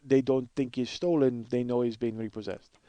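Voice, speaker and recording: A man imitating a terse Russian repossession man, speaking low and flat with a put-on Russian accent. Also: moderate pace, no room sound, dull audio, lightly acted. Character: gruff Russian repo muscle man, terse.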